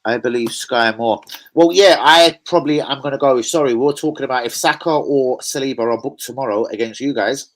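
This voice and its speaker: On a rough recording, a fan channel host speaks briskly at a medium pitch during a live football preview chat. He keeps it casual, reading out viewer comments and cursing without restraint.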